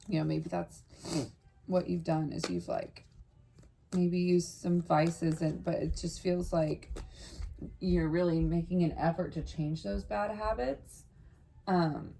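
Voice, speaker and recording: A woman's voice: lowish voice, gravelly, mellow, a little hiss or hum. A woman giving an earnest, rambling tarot reading straight to the viewer, full of fillers and restarts. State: briefly emotional, voice catching. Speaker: tarot reader. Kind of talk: casual spiritual tarot reading to camera.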